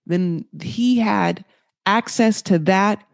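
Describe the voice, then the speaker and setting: A woman's voice: medium pitch, slow, gravelly, no room sound, clean studio sound. A young woman hosting a podcast, recapping a reality show in casual chat and acting out quotes in mocking voices, often swearing. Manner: animated, profane, acts out quotes in shifting voices.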